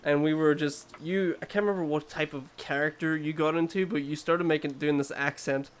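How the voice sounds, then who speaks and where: A young man co-hosting a casual podcast chat, excitable and quick to laugh, tripping over his words. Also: on the high side, a little hiss or hum. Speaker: podcast co-host.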